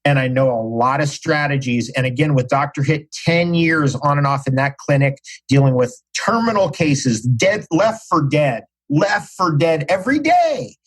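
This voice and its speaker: Husky guy talking fast and intense on a podcast, keeps hammering the same phrase, voice on the higher side. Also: expressive, poor audio. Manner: emphatic, repeats phrases for stress. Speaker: podcast guest. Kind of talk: casual interview talk.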